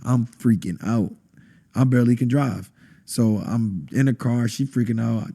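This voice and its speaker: A man, a podcast guest telling an intense personal testimony and acting out quotes with sudden high bursts. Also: a little slow, gravelly, mellow, breathy edge. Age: adult, has a wife. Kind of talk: emotional testimony in conversation.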